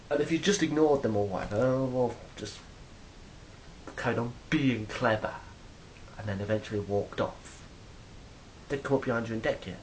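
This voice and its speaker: A man's voice: mid-range voice, unhurried, long pauses, slight background noise, low-quality recording. A man telling stories in a rambling, casual monologue to a phone camera, swearing freely. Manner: rambling, swears freely, acts out quoted exchanges loudly. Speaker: vlogger.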